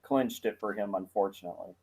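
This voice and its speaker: A man with a Midwestern American accent co-hosting a casual podcast, talking haltingly with many restarts. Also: lowish voice, gravelly, darkish tone, husky. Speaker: podcast co-host.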